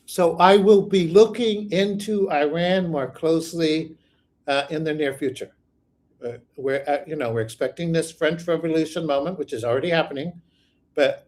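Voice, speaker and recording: A higher-voiced man answering viewer questions. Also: darkish tone. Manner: rambling, thinks aloud while answering. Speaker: psychic channel host. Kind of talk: live viewer Q&A.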